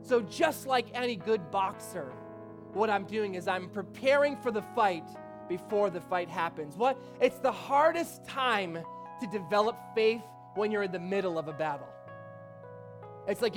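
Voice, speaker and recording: A man preaching a sermon in a church, lively, rising toward a shout, peppered with rhetorical questions. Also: high voice, moderate pace. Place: church sanctuary. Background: faint instrument music.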